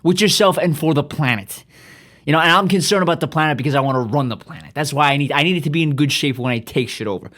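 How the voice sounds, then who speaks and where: A man's voice: a little high, quick pace, a bit bright. A man hosting a podcast, delivering a profane, rambling, self-aggrandizing comedic monologue. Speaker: podcast host.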